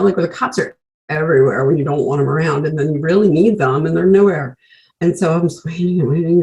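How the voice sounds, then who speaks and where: A woman's voice: low-pitched, darkish tone, poor audio. A woman candidly telling her own recovery story over a video call, blunt and profane, full of "like" fillers. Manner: blunt, swears freely, leans on "like" fillers.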